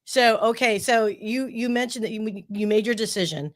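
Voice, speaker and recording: A woman's voice: fairly high pitch, normal speed. A woman hosting a podcast interview, asking long, rambling questions in a bubbly, laughing manner. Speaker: podcast host. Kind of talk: casual interview chat.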